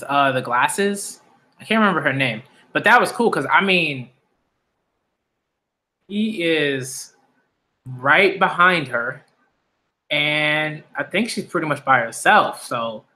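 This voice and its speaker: A man reviewing a manga chapter live, excitable and hyped, using casual slang and often repeating himself as he searches for words. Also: a little high. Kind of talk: live manga reading and reaction.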